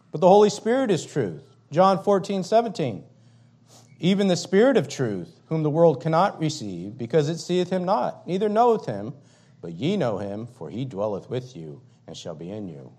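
A pastor preaching a fiery sermon, emphatic and repetitive, swinging between loud declarations and quiet, low passages. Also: male voice, very animated, moderate pace, breathy edge.

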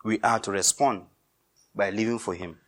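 A male pastor preaching a sermon, emphatic and repetitive, swinging between loud insistence and quiet intensity. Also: lowish voice, fairly even intonation, normal speed.

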